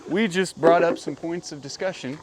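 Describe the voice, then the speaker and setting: A man's voice: on the high side, normal speed, background noise. A man hosting a farm vlog outdoors, chatting casually and talking fondly to his animals. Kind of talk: casual chat while doing farm chores.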